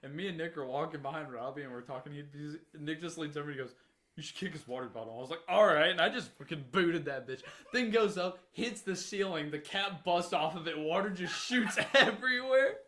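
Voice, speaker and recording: A young man co-hosting a podcast, telling school stories in a casual, animated way and acting out the people in them. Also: on the high side, brisk. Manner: animated, acts out voices in his stories. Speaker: podcast co-host. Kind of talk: casual storytelling.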